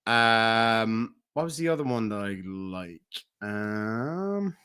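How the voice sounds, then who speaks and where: A man's voice: fairly low pitch, animated, slow, sharp tone, clean tone. Rambling Irish man chatting on stream. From Ireland. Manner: rambling, hesitant with frequent ums. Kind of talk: casual livestream chat, reading viewer comments.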